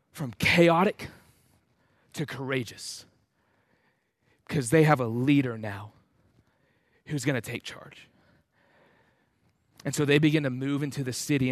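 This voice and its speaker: A man with a fairly high voice tells a story in an earnest, halting way, full of filler sounds. The recording is close and dry, with no room sound. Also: dry recording. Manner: earnest, hesitant, frequent "uh" fillers. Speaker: speaker. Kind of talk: storytelling illustration.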